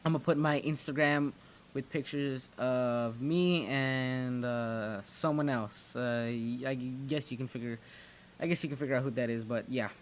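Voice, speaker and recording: A man's voice: medium pitch, fairly even intonation, unhurried, slight background noise. A young man in his teens telling stories casually to his viewers, rambling and often restarting his sentences. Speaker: channel host. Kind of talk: casual storytelling commentary.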